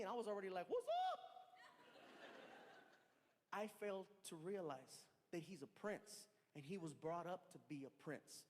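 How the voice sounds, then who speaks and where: Guy in his 30s doing stand-up, kinda high voice, echoey hall, lots of energy. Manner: animated, acts out other voices, shouts and laughs. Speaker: stand-up comedian. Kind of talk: stand-up storytelling. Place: large performance hall. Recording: large hall with reverb, faint crowd noise.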